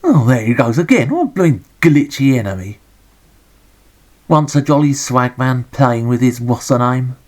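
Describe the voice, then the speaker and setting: A man's voice: medium pitch, expressive, normal speed, a little mellow. An English man giving a sarcastic, grumbling, joke-filled running commentary as he reviews a retro game.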